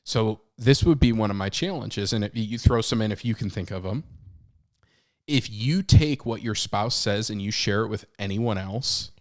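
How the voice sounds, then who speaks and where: A man in his thirties co-hosting a podcast, talking candidly and with animation, swinging between loud and hushed. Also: on the low side, moderate pace. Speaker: podcast co-host. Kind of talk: casual chat.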